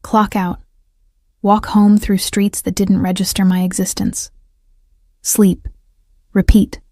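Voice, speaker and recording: Woman narrating in a flat, even tone. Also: medium pitch, dry recording, clean studio sound. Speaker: storyteller. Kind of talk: first-person scripted narration.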